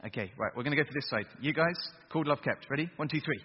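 A man preaching a lively sermon to young people, getting them to chant along. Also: a little high, racing, slight background noise. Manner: energetic, gets the crowd to chant along. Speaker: youth preacher. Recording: dull echoey hall recording.

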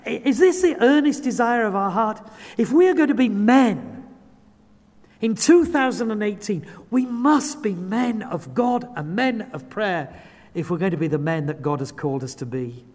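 A man's voice: high-pitched, a little mellow. A man preaching a sermon, earnest and building to impassioned pleading. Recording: long hall reverb.

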